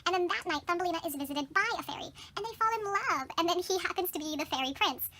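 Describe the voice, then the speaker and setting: Fast, chatty young woman retelling a film. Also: extremely high pitch, pushed and bright, slight background noise. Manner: chatty, breezy, acts out characters. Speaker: book and film vlogger. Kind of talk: casual film synopsis.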